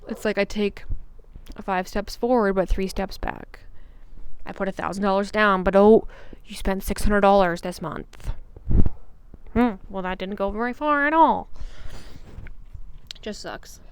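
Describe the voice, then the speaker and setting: A woman's voice: medium pitch, unhurried, long pauses, clear, resonant tone. A young adult woman hosting her own podcast, talking casually in a blunt, profane, rambling way. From Canada. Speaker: podcast host. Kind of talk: casual solo podcast chat.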